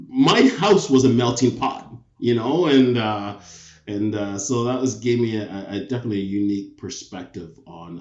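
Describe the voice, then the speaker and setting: A man's voice: fairly low pitch, darkish tone. A man in his fifties with a Canadian accent, a retired police officer telling his story as a guest in a casual interview, reflective and often restarting his sentences. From born in England, raised in Toronto, Canada. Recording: echoey, dull remote audio.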